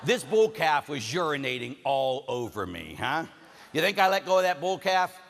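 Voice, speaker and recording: A man's voice: on the high side, sing-song, moderate pace, gravelly, a bit bright, long reverb tail. A man from Pittsburgh with a Pittsburgh accent, preaching a sermon told as a jokey farm story, with big swings in volume.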